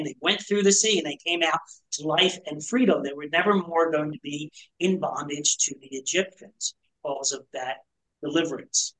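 A man's voice: fairly high pitch, sharp tone, low-quality recording. A man teaching a Bible study to a small group in a conversational, explanatory way, asking rhetorical questions.

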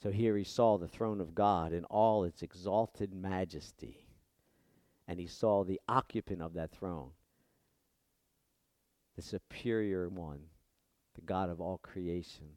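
A man's voice: measured pace, pauses often, dry recording. Impassioned male preacher, dry close sound. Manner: impassioned, swings from soft to loud and high when quoting prayers. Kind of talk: sermon.

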